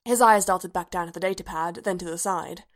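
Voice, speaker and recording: A woman narrating a story aloud in a calm, even voice. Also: lowish voice, a little fast. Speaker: story reader. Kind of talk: scripted narration.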